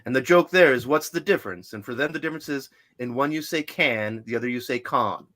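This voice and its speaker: A man co-hosting a casual podcast chat, giving blunt opinions in a relaxed way. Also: medium pitch, fast talker. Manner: opinionated, blunt remarks on pronunciation. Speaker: podcast co-host.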